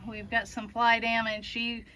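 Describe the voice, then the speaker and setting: A woman's voice: on the high side, level tone, unhurried, heavy background noise. A woman, a cattle farmer talking to her viewers in a casual, emotional, candid way after a hard day. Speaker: farmer and video host. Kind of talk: casual vlog talk to viewers. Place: outdoors on a cattle farm.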